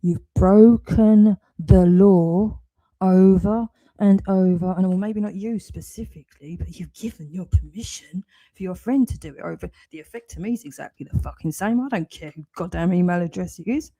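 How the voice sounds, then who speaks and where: A woman's voice: on the low side, fairly quick, dark tone. A woman ranting furiously while reacting to a video, swearing and rambling. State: very angry. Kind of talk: angry reaction rant.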